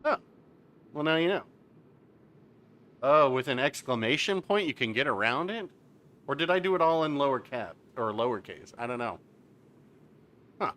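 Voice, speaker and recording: A man's voice: mid-range voice, very animated, moderate pace, long pauses, a bit bright. A man streaming a naval game live, chatting casually as he explains mechanics and reads out chat messages.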